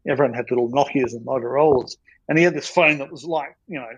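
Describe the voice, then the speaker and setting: A man's voice: medium pitch, fast, slightly rough, no room sound, highs cut off. Rambling man telling a story. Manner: rambling, self-deprecating, many ums and you-knows. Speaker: storyboard artist guest. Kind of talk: casual podcast storytelling.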